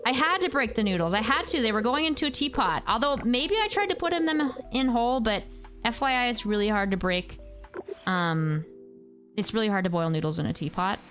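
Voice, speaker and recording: A woman's voice: fairly high pitch, animated, a little fast, a bit bright. A young woman chatting casually on a gameplay stream, rambling and answering her chat, with faint music behind her.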